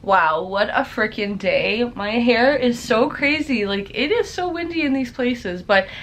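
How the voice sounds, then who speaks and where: A woman's voice: a little high, expressive, a little slow, fairly bright tone, faint music behind. Bubbly woman vlogging from a cruise cabin. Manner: chatty and bubbly, many fillers like "like". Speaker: travel vlogger. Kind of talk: casual vlog chat to camera.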